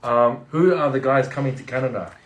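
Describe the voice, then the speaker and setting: A man's voice: mid-range voice, a little fast, slight background noise. A man co-hosting a casual livestream chat, teasing and laughing often. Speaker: livestream co-host.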